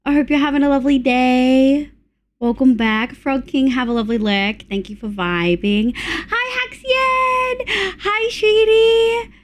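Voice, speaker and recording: A woman's voice: a little high, normal speed, darkish tone. An Australian woman streaming live, greeting her viewers in an affectionate, casual chatty way.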